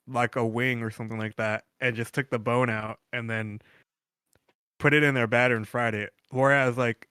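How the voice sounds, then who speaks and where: A man's voice: mid-range voice, a bit bright, clear, resonant tone, no echo, studio quality. A man co-hosting a podcast, telling rambling stories in casual chat and cursing freely. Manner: rambling storyteller, curses freely. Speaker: podcast co-host.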